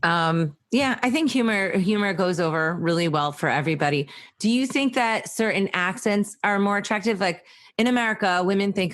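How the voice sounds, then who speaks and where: A woman's voice: mid-range voice, moderate pace, fairly bright tone. A woman podcast host with a New Jersey accent, asking direct questions and teasing her guest in casual chat.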